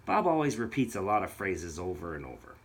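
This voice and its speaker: Low, husky man narrating accusingly. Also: very animated, fairly quick, a bit bright. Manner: accusatory, sarcastic. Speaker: video narrator. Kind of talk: scripted narration.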